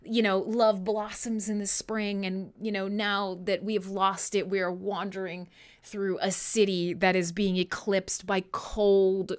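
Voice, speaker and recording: A woman hosting a live metal radio show, chatting casually with listeners in an animated, profane way, often laughing at herself. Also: mid-range voice, measured pace.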